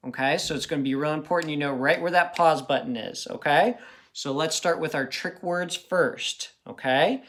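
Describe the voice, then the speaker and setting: A man's voice: fairly high pitch, a bit bright. A man teaching a recorded early-grade phonics review, patiently talking to young children and checking in with frequent questions.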